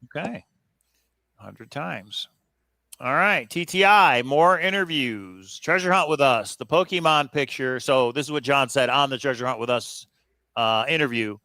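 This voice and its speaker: Wry, bright-voiced male co-host. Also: mid-range voice, a little slow, no echo. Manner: wry, offhand, jokey asides. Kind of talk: casual chat.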